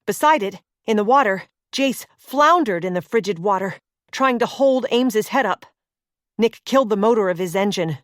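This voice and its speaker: Woman reading a thriller audiobook, middle pitch, dead dry close mic. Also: lively intonation, normal speed, no room sound. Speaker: audiobook narrator. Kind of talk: scripted audiobook narration.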